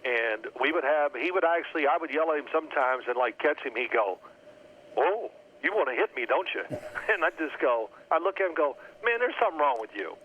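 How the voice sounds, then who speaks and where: A man in his sixties, a former quarterback, telling lively football anecdotes and acting out his old coach's yelling. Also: fairly high pitch, brisk, a little hiss or hum. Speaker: former NFL quarterback guest. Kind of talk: storytelling phone interview. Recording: tinny phone line.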